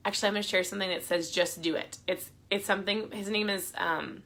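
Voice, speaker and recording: A woman's voice: mid-range voice, steady tone, quick pace, vocal fry, fairly bright tone. A middle-aged woman giving upbeat, encouraging motivational advice in a casual, chatty talk to her viewers.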